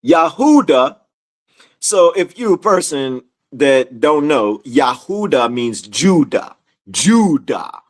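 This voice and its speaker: A man's voice: mid-range voice, big pitch swings, slow pace. A man leading a casual Bible study. He reads verses aloud and talks straight to his audience. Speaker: scripture study teacher.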